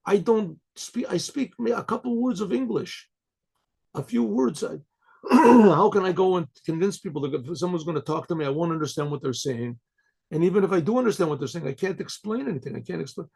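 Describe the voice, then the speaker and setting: A man's voice: high voice, animated, brisk, gravelly, darkish tone, husky, exaggerated voice. A man voicing an anxious immigrant woman. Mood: worried. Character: worried immigrant woman, unsure of her English.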